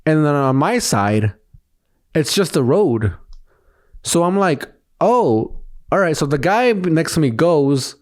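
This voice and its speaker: A man co-hosting a podcast, telling a story in casual chat with lively quoted dialogue and plenty of swearing. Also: a little high, slow pace, long pauses. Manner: animated storytelling, acting out quotes, frequent swearing. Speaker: podcast co-host.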